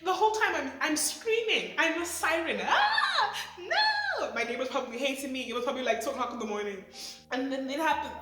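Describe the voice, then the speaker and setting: A woman in her twenties talking through a show review, excitable and rambling with lots of fillers. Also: high voice, very fast. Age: 20s. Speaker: vlogger. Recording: echoey room, faint music.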